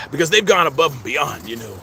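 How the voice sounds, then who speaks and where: A man's voice: mid-range voice, big pitch swings, moderate pace, vocal fry, pushed and bright, a little hiss or hum. A middle-aged man, vlogging outdoors in a rambling, stammering way and calling his viewers "friends" again and again. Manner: repeats 'friends' constantly, stammering restarts. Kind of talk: rambling personal vlog. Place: outdoors at a cemetery.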